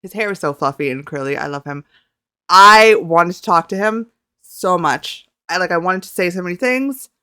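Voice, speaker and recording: A young woman from Canada, telling a rambling, excitable story about meeting a group in a casual vlog, talking close to the mic. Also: on the low side, normal speed, smooth, dry recording. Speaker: YouTuber.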